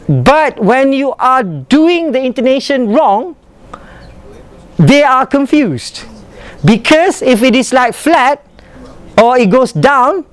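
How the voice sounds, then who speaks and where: A man's voice: extremely high pitch, slow, long pauses. A man from Malaysia with a British-leaning English accent, teaching an English workshop and demonstrating intonation. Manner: animated, demonstrative, mixes in Malay phrases. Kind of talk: classroom lesson on pronunciation. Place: workshop classroom.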